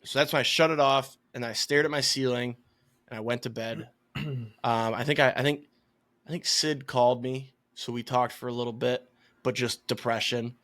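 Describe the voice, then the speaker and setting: A young man with a Michigan accent co-hosting a sports podcast, telling long rambling stories in casual chat, swearing freely and getting louder as he vents. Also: steady tone, normal speed. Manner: rambling storytelling, swears freely, gets louder and higher when worked up. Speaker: podcast co-host.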